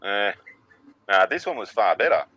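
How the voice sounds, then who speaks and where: Sweary bloke, bright tone. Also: male voice, on the low side, moderate pace, slight background noise, low-quality recording. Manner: sweary, animated storyteller. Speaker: podcast co-host. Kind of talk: casual chat.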